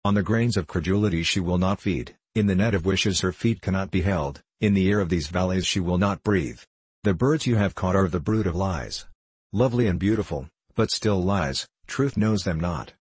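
A man voicing Wisdom, a sorrowful, wise old man, in a storybook reading, speaking gravely. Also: deep voice, normal speed, dry recording. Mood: grave, solemn. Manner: grave, solemn speech.

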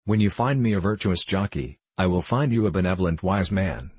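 A man's voice: sits low, lively intonation, a little fast, darkish tone, slightly rough, no echo. A man voicing a bitter, sneering one-legged cynic who snaps and jeers in an old-fashioned storybook. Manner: snappish, scornful, jeering.

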